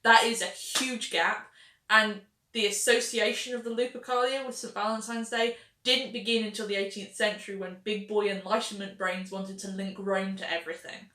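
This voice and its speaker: A woman's voice: medium pitch, fairly even intonation, moderate pace, pushed and bright, reverberant. A woman hosting a history video, narrating facts with wry, sarcastic asides.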